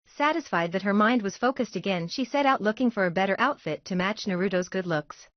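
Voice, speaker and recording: A woman reading a fan-fiction story aloud in a steady, even narrating voice. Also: medium pitch, a little fast, no room sound, muffled recording. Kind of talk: audiobook-style story narration.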